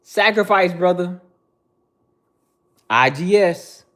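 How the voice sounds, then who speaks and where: A man's voice: high voice, slow pace, fairly bright tone. A man in his thirties hosting a livestream, bluntly lecturing viewers in the chat with repetitive slang. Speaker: livestream host. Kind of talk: casual livestream rant.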